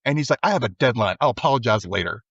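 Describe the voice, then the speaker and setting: Give me a man co-hosting a podcast who acts out every line in a lively way. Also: medium pitch, very fast, dry recording, lo-fi sound. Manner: animated, acts out characters' lines. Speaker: podcast co-host. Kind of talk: casual recap chat.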